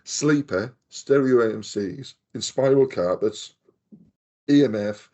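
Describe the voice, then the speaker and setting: A man's voice: mid-range voice, slow pace, darkish tone. A man, chatting casually on a podcast and telling rambling stories with the odd swear word. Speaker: podcast co-host. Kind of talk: casual chat.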